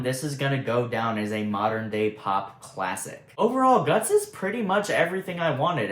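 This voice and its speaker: A man's voice: medium pitch, a bit bright. Young male vlogger, earnest and chatty music reviewer, mid-range voice, roomy echo. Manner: earnest, emotional, chatty with fillers. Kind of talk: casual album review.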